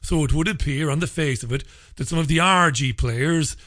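This talk radio host's voice runs slightly high and fairly bright at a moderate pace, captured in clean studio sound without echo. His monologue is full of opinions, sarcasm and profanity, a rant laced with mocking laughs.

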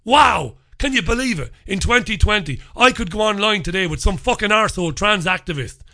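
Ranting man with a high bright voice. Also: animated, fast. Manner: heated, profane, forceful ranting. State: unwell with a lingering infection. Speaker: host of his own daily show. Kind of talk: solo monologue, ranting commentary.

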